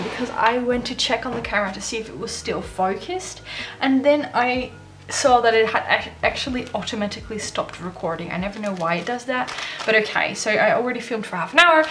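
A woman vlogger chatting casually to camera as she opens fan mail, gushing and excitable. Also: on the high side. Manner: gushing, excitable, gasps and laughs often. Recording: echoey room with faint noise.

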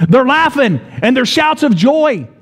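A man in his forties preaches a storytelling sermon, his voice sitting unusually high for a man. He builds the story with repeated phrases and keeps turning to the congregation with rhetorical questions. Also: sing-song, unhurried. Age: 40s. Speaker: pastor. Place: church.

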